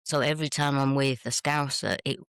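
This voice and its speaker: Chatty northern English woman, smooth voice. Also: very deep voice, steady tone, a little fast, dry recording. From Northern England. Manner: chatty, laughs often, playful. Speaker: sitcom creator and guest. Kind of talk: casual interview chat.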